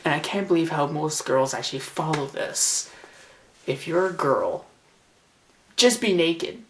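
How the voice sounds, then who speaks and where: A man's voice: fairly high pitch, unhurried, fairly bright tone, roomy sound, recorded from a distance, slight background noise. A teenage boy ranting sarcastically and indignantly into a camcorder in his bedroom. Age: teens. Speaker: vlogger. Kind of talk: ranting vlog. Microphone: camcorder mic.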